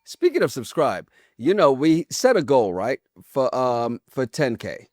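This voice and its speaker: Teasing co-host with a lively pitch. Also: male voice, dry recording, clean studio sound. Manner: teasing, playful, dramatic pauses. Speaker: podcast co-host. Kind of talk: casual chat.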